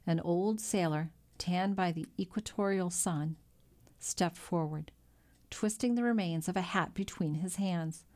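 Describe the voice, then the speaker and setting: A woman reads a classic novel aloud, her voice sitting a little low. She tells the story in a measured, even way, letting each scene unfold steadily. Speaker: audiobook narrator. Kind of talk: scripted narration.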